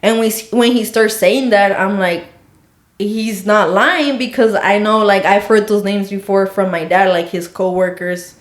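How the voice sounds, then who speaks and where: A woman's voice: medium pitch, steady tone, unhurried. A young woman co-hosting a podcast, telling a story in a casual, rambling way with lots of "like"s. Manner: rambling, filler-heavy storytelling with many "like"s. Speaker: podcast co-host. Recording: roomy echo.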